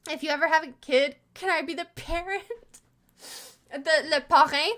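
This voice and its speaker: A woman's voice: sits high, normal speed, long pauses, fairly bright tone. A French-Canadian woman from Montreal with a Quebec French accent, chatting casually on a live stream, laughing often and reading chat messages aloud.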